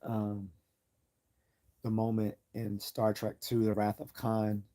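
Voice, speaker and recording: A man's voice: on the low side, monotone, takes it slowly, mellow. A man hosting a livestream, talking in an earnest, enthusiastic way that rambles with frequent restarts. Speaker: livestream host. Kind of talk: casual livestream commentary.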